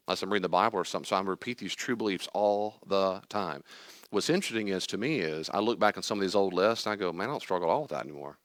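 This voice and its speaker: An older man teaches a group about anxiety with plenty of emphasis. His voice sits a little low, and the sound is dry and close. He acts out worried questions and steady answers as he talks. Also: dry recording. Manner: emphatic, acts out anxious and calm inner voices. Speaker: teacher leading a class on anxiety. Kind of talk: lively teaching talk to a group.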